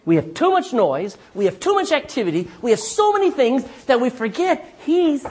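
Husky high-voiced male preacher. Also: big pitch swings, normal speed. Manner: dramatic, swings between loud and hushed; asks the congregation for "Amen?" responses. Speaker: pastor. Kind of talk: sermon.

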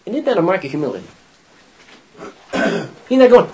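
A man's voice: sits high, big pitch swings, moderate pace, dark tone, slight background noise, rough recording. A man leading a Bible study class, reading scripture aloud and putting questions to his students.

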